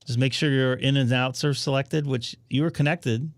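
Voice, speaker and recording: A man hosting a casual live stream about amateur radio, chatting to viewers while he troubleshoots his setup out loud. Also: mid-range voice, fairly even intonation, moderate pace, no echo.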